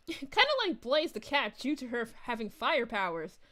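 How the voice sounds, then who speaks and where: A woman's voice: on the high side, lively intonation, normal speed, pushed and bright. A woman voicing a bubbly, giggly young princess as a VTuber streamer, chatting with viewers in character. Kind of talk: in-character livestream chat.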